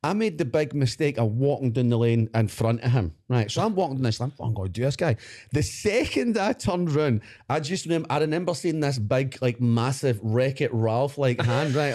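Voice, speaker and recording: A Scottish man co-hosting a podcast, chatting casually as an animated storyteller who laughs often and swears. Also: mid-range voice, moderate pace. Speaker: podcast co-host. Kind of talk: casual chat.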